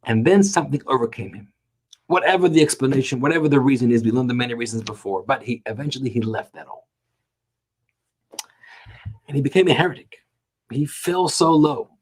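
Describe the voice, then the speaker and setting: A man teaching a Talmud class, telling the story with animated emphasis and slowing down to stretch key words. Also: mid-range voice. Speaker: Torah teacher.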